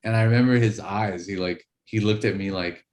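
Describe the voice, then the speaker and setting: Low-voiced male co-host, loose chatty storyteller, lots of fillers. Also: fairly even intonation, brisk, darkish tone. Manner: laughing, rambling storytelling with many fillers. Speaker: podcast co-host. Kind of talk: casual chat.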